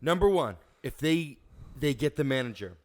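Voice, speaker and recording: A man's voice: medium pitch, lively intonation, moderate pace, darkish tone. A man co-hosting a comedy podcast, joking and riffing in playful improvised banter. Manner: playful, slips into silly voices. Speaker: podcast co-host.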